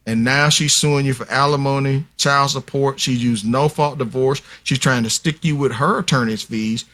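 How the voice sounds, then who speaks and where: A man's voice: medium pitch, a bit bright. A man speaking as a guest expert on a podcast interview, explaining at length in an emphatic, lecturing way and addressing listeners directly. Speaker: guest expert on paternity fraud.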